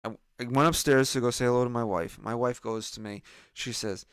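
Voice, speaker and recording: Animated man telling a story on a podcast. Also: mid-range voice, a little fast, smooth, dry recording. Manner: retells scenes with lively voiced-up quotes. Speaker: podcast co-host. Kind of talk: casual chat, animated storytelling.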